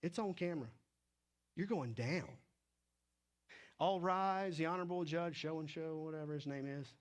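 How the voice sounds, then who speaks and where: Male pastor, relaxed animated sermon delivery, slightly higher voice, playful asides. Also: normal speed. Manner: animated, casual preaching with acted asides.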